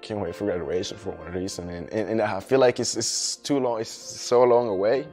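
Brief: male recruit, deep sincere voice, reflective, music clearly under. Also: steady tone, moderate pace, a little mellow. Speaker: Navy recruit interviewed in a documentary. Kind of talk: documentary interview.

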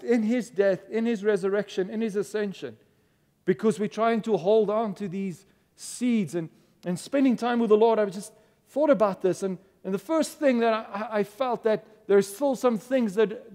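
A man's voice: high-pitched, a little mellow. A man preaching a sermon as a pastor, earnest and stumbling over repeated words as he builds his points. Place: church. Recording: reverberant church hall.

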